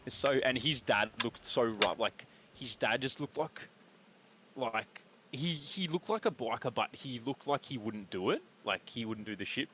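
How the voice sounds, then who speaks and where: A man's voice: medium pitch, lively intonation, normal speed. A young Australian man casually telling a rambling story, swearing often and filling his talk with "like". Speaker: streamer. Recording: noisy stream audio.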